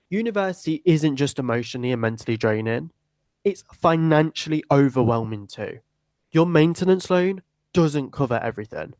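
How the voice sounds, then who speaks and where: A man's voice: mid-range voice, dry recording. An eighteen-year-old man, hosting a personal podcast in an earnest, emphatic, repetitive way. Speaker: podcast host.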